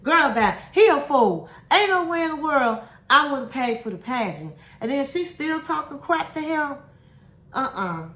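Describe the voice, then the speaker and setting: A woman with a somewhat high voice recaps a reality show in casual, candid commentary. She is sassy and opinionated, tossing out "honey" and "girl" as she talks. Her voice rings in a roomy, echoey space. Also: expressive, normal speed, few pauses, fairly bright tone. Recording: roomy echo.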